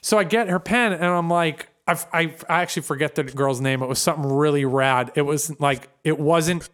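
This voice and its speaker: A young man with a slightly high voice tells a long, rambling story to his podcast co-host. He slips in and out of the voices of the people in it. His delivery stays animated and casual. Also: normal speed.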